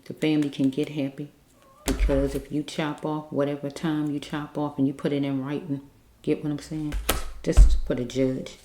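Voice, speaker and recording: A woman's voice: low-pitched, little pitch movement, moderate pace, reverberant, noisy background. A woman doing a spiritual card reading, talking earnestly and pleading, repeating herself and checking in with listeners. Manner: repetitive, keeps checking in with listeners. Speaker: card reader.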